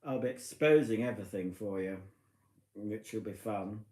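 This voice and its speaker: A man's voice: on the low side, normal speed, darkish tone. A tipsy man chatting casually on a live stream from his living room, rambling and poking fun at himself. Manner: rambling, chatty, self-mocking. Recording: echoey room.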